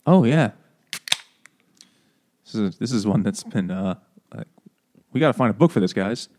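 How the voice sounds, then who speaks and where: A man co-hosting a casual podcast chat over beers, joking crudely and getting animated. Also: lowish voice, moderate pace, noisy background. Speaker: podcast co-host.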